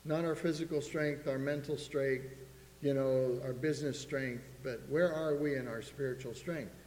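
A man's voice: mid-range voice, steady tone, normal speed, a little mellow. A man preaching a sermon, earnestly reading scripture aloud to a congregation in a church. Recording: echoey hall with faint hum.

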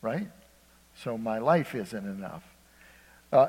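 An older man from Ohio preaching a sermon, shifting between loud emphasis and hushed, conversational storytelling. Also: medium pitch, animated, slow pace, pauses often, slightly rough, long reverb tail. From Ohio, USA.

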